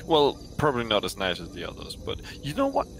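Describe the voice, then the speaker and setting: A man's voice: fairly low pitch, wildly swooping pitch, quick pace, fairly bright tone, a little hiss or hum. A man playing a tabletop game, playful and teasing. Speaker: player. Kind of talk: casual tabletop play.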